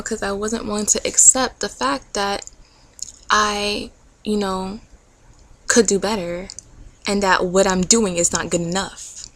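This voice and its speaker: A young woman in her twenties talking earnestly in a faith-based vlog, encouraging viewers and often dropping to a soft near-whisper. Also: mid-range voice, gravelly, rough recording. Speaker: vlogger.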